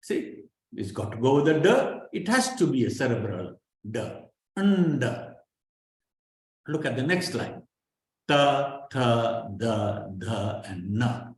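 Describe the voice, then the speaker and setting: Slow, echoey man teaching. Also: mid-range voice, animated. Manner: patient, drills syllables aloud, keeps checking with "right?". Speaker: Sanskrit pronunciation teacher. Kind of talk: online class instruction. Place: online class over a video call. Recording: very echoey room sound.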